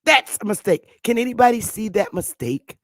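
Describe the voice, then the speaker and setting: A woman's voice: fairly high pitch, lively intonation, normal speed, dry recording, clean studio sound. A woman hosting a live stream, ranting with emphatic, profane talk and repeating the same rhetorical questions. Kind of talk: heated live-stream rant.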